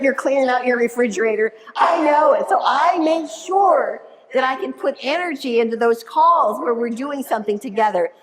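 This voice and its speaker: A middle-aged woman giving an energetic, animated motivational keynote to a live audience, often asking the room questions. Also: fairly high pitch. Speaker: keynote speaker.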